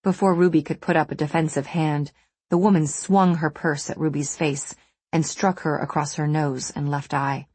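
Low, husky woman narrating a story. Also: fairly even intonation, moderate pace, a little mellow, no echo. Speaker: audiobook narrator. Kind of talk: scripted narration.

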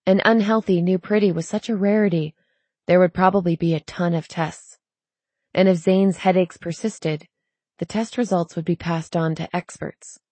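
A woman narrating a story in a measured, even reading voice. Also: lowish voice, no room sound. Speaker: audiobook narrator. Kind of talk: scripted narration.

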